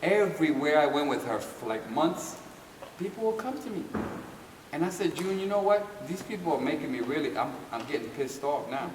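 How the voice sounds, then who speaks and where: An older man recounts his story with lively, laughing energy, slipping into the voices of the people he quotes. He sounds distant from the mic, his voice ringing through a large hall. A steady wash of background noise sits beneath the talk. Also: a little high, brisk. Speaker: dance teacher telling a story. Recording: echoey hall from far off with noise.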